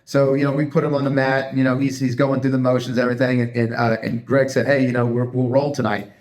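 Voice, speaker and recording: A middle-aged man, a martial arts instructor co-hosting a podcast, telling stories in a loose, animated way, acting out the quotes and dropping "man" and "dude". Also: medium pitch, quick pace, roomy sound. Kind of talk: casual chat.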